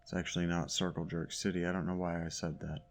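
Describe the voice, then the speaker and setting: A gaming YouTuber's voice sits low and barely moves in pitch, and he talks quickly. He grumbles and makes sarcastic remarks while playing a video game, in casual let's-play commentary.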